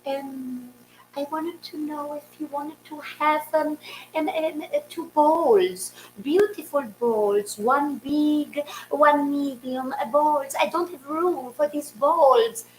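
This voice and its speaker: A woman voicing an older female neighbor who speaks softly and slowly, with halting, drawn-out words. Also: high voice, pitched above the performer's own voice, rough recording. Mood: hesitant. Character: older woman neighbor, soft, hesitant, polite.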